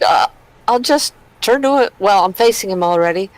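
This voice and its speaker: A player in a tabletop game, hesitant and soft-spoken as they choose their moves. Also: mid-range voice, expressive, normal speed, rough recording.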